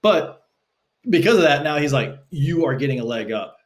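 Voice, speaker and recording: Animated man telling stories on a podcast. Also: normal speed. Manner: animated, acts out quotes with shifting pitch. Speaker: podcast guest. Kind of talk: casual conversational storytelling. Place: Los Angeles.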